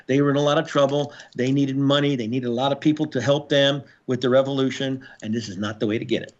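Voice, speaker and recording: An older man, a former Marine, telling his story as a podcast guest in a gritty, profane way with halting restarts. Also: medium pitch, fairly even intonation. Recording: slightly dull lo-fi audio.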